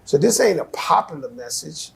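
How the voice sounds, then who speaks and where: Man, high gravelly voice, husky, animated and profane, casual interview talk. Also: moderate pace. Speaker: interview guest.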